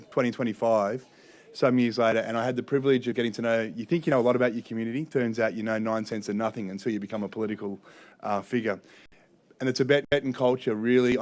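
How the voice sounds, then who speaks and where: Joking Australian man giving a speech. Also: lowish voice. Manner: chatty and joking, with restarts. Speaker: politician. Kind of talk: formal ceremonial speech.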